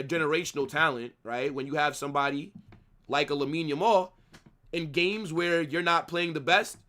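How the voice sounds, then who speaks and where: Man, young adult, football streamer, profane ranting, high voice. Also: sharp tone. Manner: profane, ranting, repeats himself. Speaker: streamer hosting a football watch-along. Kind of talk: live watch-along rant.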